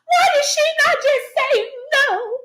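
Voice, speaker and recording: Woman mimicking a shrill whiny gossip. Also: expressive, a little slow, fairly bright tone, exaggerated voice. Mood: mocking. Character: whiny mocking gossip, a victim-blaming woman.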